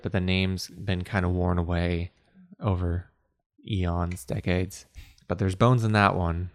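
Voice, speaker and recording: A man's voice: sits low, a little mellow, dry recording, clean studio sound. A man playing a tabletop role-playing game, talking in a loose, jokey, rambling way and often trailing off mid-sentence. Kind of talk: casual tabletop role-play chat.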